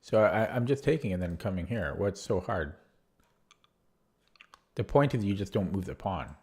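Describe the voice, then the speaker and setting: A young man streaming chess, thinking his moves out loud, repeating words as he calculates and chatting back to his viewers. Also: low-pitched, expressive, normal speed. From Canada. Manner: chatty replies to viewer chat. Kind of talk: live-stream chess commentary, thinking aloud.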